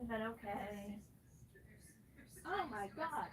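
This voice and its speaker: A woman's voice: a little high, lively intonation, unhurried, fairly bright tone, far from the mic. A woman live streamer ranting at her chat from her bedroom, sarcastic and swearing constantly. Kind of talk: angry rant to chat. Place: her bedroom, moving around.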